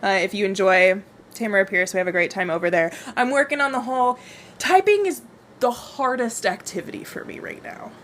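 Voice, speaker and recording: A woman's voice: medium pitch, fairly quick, slight background noise. A young woman hosting a casual livestream book club into a wireless mic, reading out viewer comments and gushing, often repeating her phrases. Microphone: wireless microphone.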